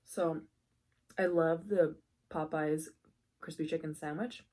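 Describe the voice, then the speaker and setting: A woman hosting an eating vlog, talking softly and giddily between bites, recorded close to the mic. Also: sits low, fairly even intonation, slow. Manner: soft-spoken, giddy and appreciative between bites. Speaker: mukbang host. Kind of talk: casual eating vlog with soft asides. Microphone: close mic picking up eating sounds.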